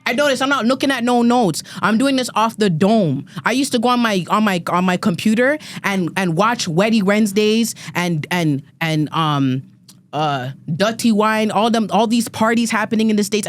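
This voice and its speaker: A woman's voice: mid-range voice, moderate pace. Woman, 30s, podcast panelist, heated rant, profane, emphatic, repeats words. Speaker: guest panelist.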